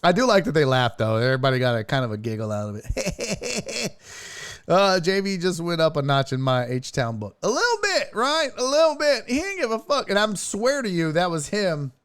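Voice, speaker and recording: A man with a high voice hosts a sports stream, reacting to clips at a normal speed in a clean-sounding recording. He's excitable and profane, laughing often, swearing a lot and mocking fans with impressions.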